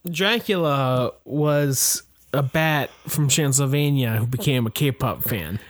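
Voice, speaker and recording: A man's voice: medium pitch, slow pace, no room sound, clean studio sound. A man co-hosting a comedy podcast, spinning absurd tangents and laughing often. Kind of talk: casual comedic banter.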